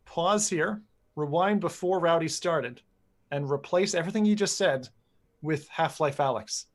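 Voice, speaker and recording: Male podcast host, slightly high voice, jokey and in charge. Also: measured pace. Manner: joking, leads the talk. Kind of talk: casual chat.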